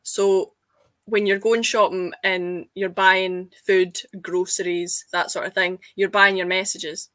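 A woman's voice: medium pitch, level tone, slow, fairly bright tone, dry recording. A young Scottish woman in casual chat, eagerly explaining words on a video call. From Scotland. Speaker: guest.

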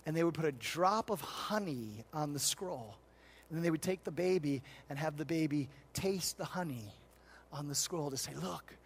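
A middle-aged man preaching a sermon as a pastor, telling stories and swinging between loud, emphatic stretches and hushed, tender ones. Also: fairly high pitch, husky. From United States.

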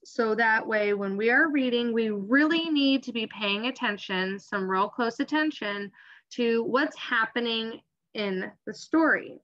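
A woman teacher giving a reading lesson and reading a novel aloud, on a dull lo-fi recording. She explains things in a clear way. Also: on the high side, a bit bright.

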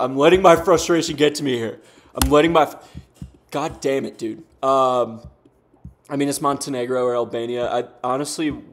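A young man commentating his own game, frustrated, rambling and swearing with lots of fillers. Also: mid-range voice. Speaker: gaming streamer. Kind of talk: casual commentary while playing.

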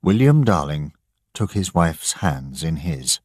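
A man narrating a story slowly and deliberately for English learners. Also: extremely low pitch, big pitch swings, a little mellow, dry recording, clean studio sound. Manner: slow, clear, deliberate reading.

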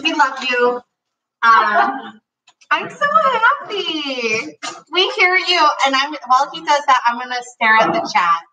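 A bubbly woman hosting a casual live stream, her voice high and ringing bright as she gushes over the chat. She sits back from the mic in an echoey room at home. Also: distant mic, a little hiss or hum. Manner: bubbly, gushing, reads out chat names. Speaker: co-host of a fan channel live stream.

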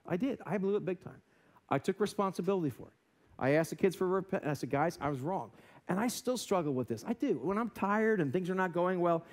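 Animated high-voiced American pastor preaching. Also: male voice. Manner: animated, self-deprecating storytelling with acted-out voices. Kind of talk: sermon with storytelling. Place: church sanctuary.

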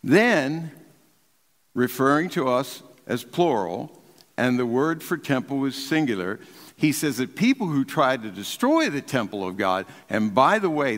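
An older man, a pastor preaching an emphatic sermon from the pulpit, swinging between raised and hushed delivery. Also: medium pitch, big-room sound. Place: large church sanctuary.

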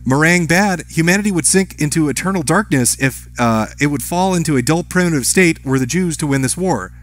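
A man's voice: on the high side, expressive, fairly quick. A man reading out viewer messages on a live stream, answering each with brief offhand remarks. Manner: reads chat names and messages aloud, brief offhand replies.

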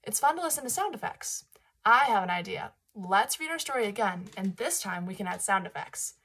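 A woman reads a Bible story aloud to children with a soft, slightly husky voice. Her delivery is lively and encouraging, and she stops often to ask the kids questions. Her pitch sits in the ordinary middle range. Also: brisk.

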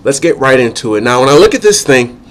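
A man's voice: medium pitch, very animated. A man with a cold and a nasal voice, giving methodical opinion commentary on football as an analyst. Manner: measured, methodical, lists points one by one.

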